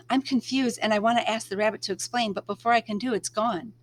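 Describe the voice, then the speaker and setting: A woman reading a novel aloud, narrating in the first person at a measured, expressive pace. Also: fairly high pitch. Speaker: read-aloud storyteller.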